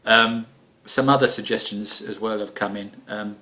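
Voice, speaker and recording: Essex guy chatting to camera, kinda low voice, jokey and a bit rude, lots of ums. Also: fairly even intonation, normal speed, bright, forceful tone. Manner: cheeky, jokey, lots of fillers and swearing. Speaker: homebrew video host. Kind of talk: casual chat to camera.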